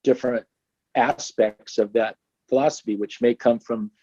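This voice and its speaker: A man joining a group discussion as a guest over a video call, hesitant and halting, often trailing off. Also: medium pitch, steady tone, warm tone, dry recording. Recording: dull, muffled call audio.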